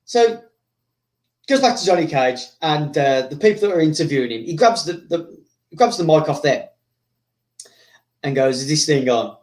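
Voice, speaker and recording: A man's voice: a little high, lively intonation, moderate pace, long pauses, a little mellow. A man casually telling a story, rambling with many fillers and acting out characters. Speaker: host.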